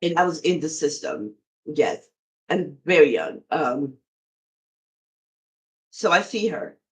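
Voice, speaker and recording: A woman's voice: sits low, expressive, slow, poor audio. Middle-aged woman telling a story. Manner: conversational, addresses listeners directly. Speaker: podcast host. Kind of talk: personal storytelling.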